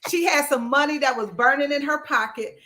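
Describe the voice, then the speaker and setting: A woman co-hosting a radio talk show, telling an animated story and acting out the quotes. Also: sits high, a little fast, slight background noise. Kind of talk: casual chat. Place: radio studio.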